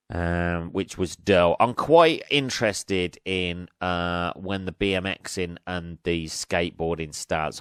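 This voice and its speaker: A man's voice: low-pitched, clean tone, no room sound, studio quality. A man hosting a solo podcast, ranting casually with lots of swearing and sarcasm, laughing at his own jokes. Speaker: podcast host.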